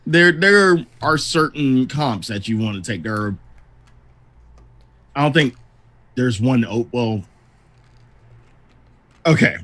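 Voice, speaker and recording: A man's voice: medium pitch, animated, slow pace, pauses often, a bit bright. A man co-hosting a casual gaming podcast with a wry, joking manner. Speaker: podcast co-host.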